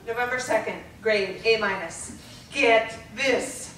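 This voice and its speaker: A woman reading her teenage diary aloud at a live stage show, deadpan and often breaking into laughter. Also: on the high side, a little slow, recorded from a distance, background noise. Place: theater stage before a laughing audience. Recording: roomy live theater recording with loud audience.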